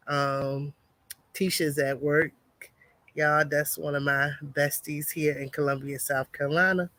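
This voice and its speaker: A woman chatting casually on a homestead livestream, greeting viewers and reading a product label aloud haltingly. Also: deep voice, fairly bright tone, no echo.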